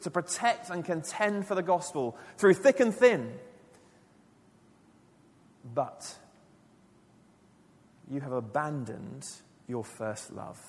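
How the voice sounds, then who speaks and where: A man preaching a sermon to his church, earnest and emphatic, dropping his voice low and quiet for key lines. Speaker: pastor. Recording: long church reverb.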